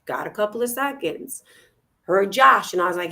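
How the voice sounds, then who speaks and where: A woman co-hosting a casual talk show in a mid-pitched voice. She talks energetically and directly to her listeners, encouraging them. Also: animated, moderate pace, bright, forceful tone. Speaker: co-host. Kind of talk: casual chat.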